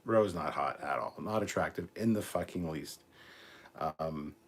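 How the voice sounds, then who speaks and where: A man's voice: low voice, a little slow, slight background noise. A man hosting a live stream, reading out chat comments in a casual, crude way with plenty of swearing. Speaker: host.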